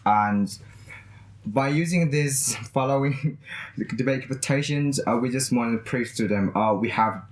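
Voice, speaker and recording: A young Indonesian student, a man, chatting eagerly in halting English with an Indonesian accent as a guest in a campus interview. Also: mid-range voice, roomy sound. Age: young adult. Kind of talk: casual interview chat.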